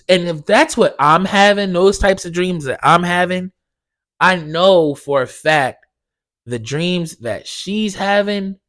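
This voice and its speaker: A young man hosts his own podcast, telling stories with plenty of swearing and slang. His voice sits high for a man, and he talks at an unhurried pace. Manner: profane, animated storytelling with slang. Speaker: podcast host. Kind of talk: casual solo podcast monologue.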